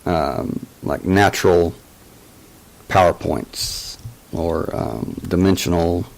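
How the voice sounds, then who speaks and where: Man, deep slow voice, halting casual storyteller with lots of fillers. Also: creaky, poor audio. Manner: hesitant, full of fillers and restarts. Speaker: channel host telling a personal story.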